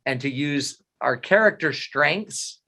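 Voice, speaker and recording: A middle-aged man giving a motivational talk, animated and self-mocking, telling funny stories. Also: fairly high pitch, takes it slowly, vocal fry. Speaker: motivational speaker. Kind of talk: humorous storytelling talk.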